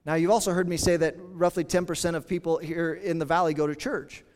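A pastor preaching a sermon in an earnest, conversational way, with dramatic pauses. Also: male voice, fairly high pitch, fairly even intonation, darkish tone, big-room sound.

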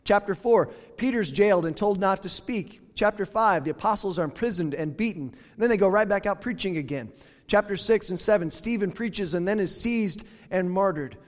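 A man's voice: high voice, moderate pace, long reverb tail. A man preaching a sermon in a conversational way, reading scripture aloud with emphasis. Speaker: pastor.

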